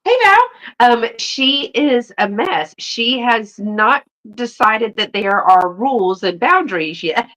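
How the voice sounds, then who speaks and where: A woman's voice: a little high, slow pace, hardly any pauses, low-quality recording. A woman with a Southern US accent, chatting casually and telling playful stories as a channel host. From Carolinas. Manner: chatty, playful storytelling with bright animated delivery. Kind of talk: casual live chat.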